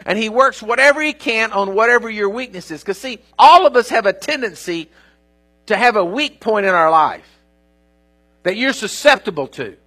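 Man, preacher, sermon, emphatic, bright tense voice, a bit husky. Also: high voice, expressive, normal speed. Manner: emphatic, checks in with listeners.

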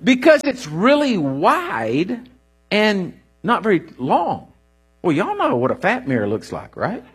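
Husky, animated preacher man. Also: high voice, slow. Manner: animated, folksy storytelling with rising bursts. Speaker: pastor. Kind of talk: sermon.

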